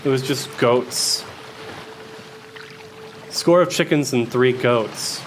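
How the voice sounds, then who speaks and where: A man's voice: mid-range voice, slow pace, slight background noise. A man narrating a solo tabletop game as game master, rambling with many restarts.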